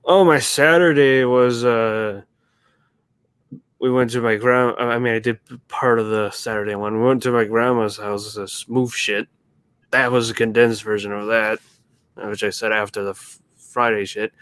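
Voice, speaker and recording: A man's voice: mid-range voice, steady tone, unhurried, a bit bright, clear, resonant tone, no echo. A man co-hosting a casual live stream, rambling and stumbling over his words, laid-back and profane. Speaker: stream co-host.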